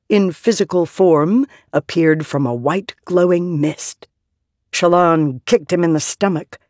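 Audiobook reader, slow and steady, dry close sound. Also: medium pitch, dry recording. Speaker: audiobook narrator. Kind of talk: scripted narration.

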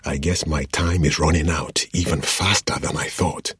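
Guy doing a dying young man, quiet and worn out, super deep husky voice, audiobook. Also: fairly even intonation, normal speed, dry recording, clean studio sound, full character voice. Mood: weak. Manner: quiet, weary, resigned. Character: badly wounded young man, weak and dying.

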